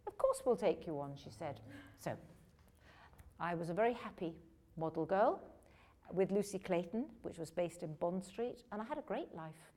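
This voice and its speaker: An older woman from England, an actress telling lively, self-deprecating stories about her career at a question-and-answer session. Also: fairly low pitch, moderate pace. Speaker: actress guest at a film Q&A. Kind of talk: anecdotal Q&A storytelling.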